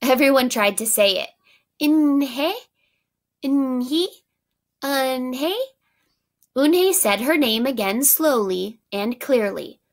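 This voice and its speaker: A woman teacher reading a picture book aloud to children, pausing to ask them for their predictions. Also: a little high, animated. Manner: pauses to ask prediction questions, warm asides.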